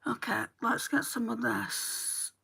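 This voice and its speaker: A woman from England with a Northwest English accent chats through a get-ready-with-me beauty livestream, doing her makeup and replying to viewers' comments. Her voice sits on the high side and stays steady, slow, gravelly, husky, and pushed and bright.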